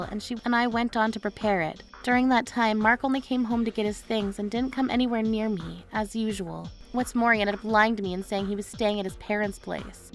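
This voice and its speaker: A woman reading a scripted first-person story in a plain, earnest way. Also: fairly high pitch. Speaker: story narrator. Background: faint background music.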